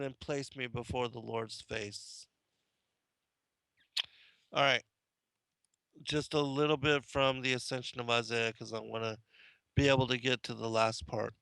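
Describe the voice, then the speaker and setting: A man's voice: mid-range voice, fairly bright tone, clear, resonant tone, no room sound. A man hosting a monologue show, talking through passages and reading scripture aloud, with hesitant asides and rising emphasis on exclamations. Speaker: host.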